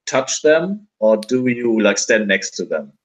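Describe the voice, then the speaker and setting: A man's voice: fairly low pitch, big pitch swings, measured pace, rough recording. A man running a tabletop game as game master, speaking hesitantly with many fillers and restarts.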